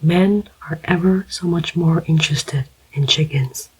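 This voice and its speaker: A narrator whispering the part of a gentle, formal older male inquiry agent, as whispered role-play. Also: medium pitch, measured pace, breathy edge, poor audio. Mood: grave.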